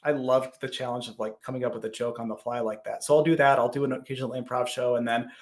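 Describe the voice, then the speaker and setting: A man's voice: mid-range voice, fast talker. A man in his thirties, a podcast guest, chatting casually and acting out his own quoted lines as he tells stories. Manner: animated storytelling, acts out quoted lines. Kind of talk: casual interview chat.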